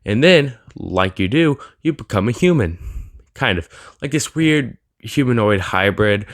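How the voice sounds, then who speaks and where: A man's voice: lowish voice, animated, measured pace, dry recording, studio quality. A young man delivering a rambling, sarcastic opinion rant for his anime channel. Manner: rambling, sarcastic, with filler words and restarts. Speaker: anime YouTuber.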